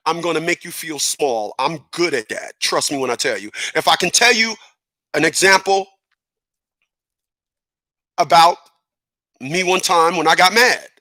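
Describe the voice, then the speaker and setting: A man's voice: a little high, a little slow, long pauses, pushed and bright, no room sound. A middle-aged man giving a casual opinion monologue, emphatic and repeating words as he builds his point. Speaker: commentator.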